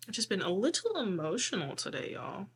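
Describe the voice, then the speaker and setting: A woman with a hoarse voice giving a casual spiritual tarot reading, chatty and often asking "okay?". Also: mid-range voice, big pitch swings, a little fast. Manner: chatty, tags lines with "okay?". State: hoarse from losing her voice. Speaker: tarot reader.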